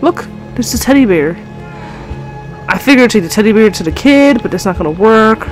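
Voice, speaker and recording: A woman's voice: on the high side, lively intonation, a little fast. A young woman playing a horror game, commenting to her viewers, easily frustrated and swearing often, with faint music behind her. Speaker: gamer.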